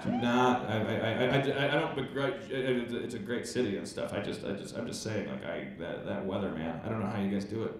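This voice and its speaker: A man's voice: lowish voice, animated, quick pace, hardly any pauses, noisy background. A man from Wisconsin hosting a live comedy podcast, rambling and self-mocking with stammered restarts. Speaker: host. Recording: echoey theater with crowd.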